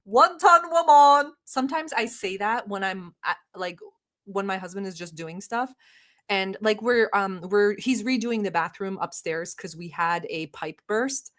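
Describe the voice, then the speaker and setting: A woman's voice: medium pitch, a little slow. Brash sarcastic woman streamer. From Middle East. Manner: brash, sarcastic, mock-yelling at chat. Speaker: livestream host. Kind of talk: casual livestream commentary.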